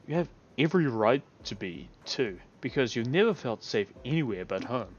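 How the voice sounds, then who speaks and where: A man's voice: mid-range voice, very animated, moderate pace, muffled recording, background noise. A man streaming a visual novel, reading the narration aloud and cutting in with crude, sarcastic comments. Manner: crude, sarcastic, often laughing. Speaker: game streamer.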